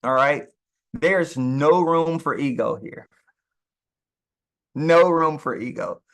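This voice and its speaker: A man talking casually about marriage and business, animated, stumbling on words and laughing often as he talks. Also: a little high, takes it slowly. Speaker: co-host.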